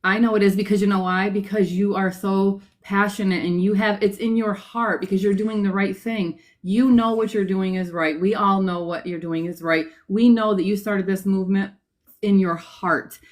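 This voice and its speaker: A woman's voice: medium pitch, fairly even intonation, moderate pace, low-quality recording. A woman speaking as a guest on a livestream, emotional and encouraging, repeating words for emphasis.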